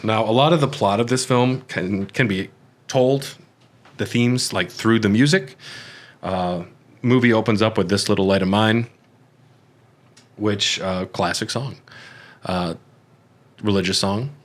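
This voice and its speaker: Podcast co-host, male, lowish voice, easygoing, fillers and restarts. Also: unhurried, long pauses. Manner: relaxed, hesitant, lots of fillers and restarts. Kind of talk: casual film discussion.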